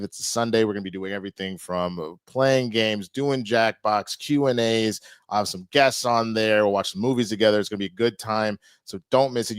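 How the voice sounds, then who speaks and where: A man's voice: fairly low pitch, smooth, no echo. Laid-back male co-host, dry sound. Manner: laid-back, plugs his stream. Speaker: co-host and streamer. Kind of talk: casual podcast chat.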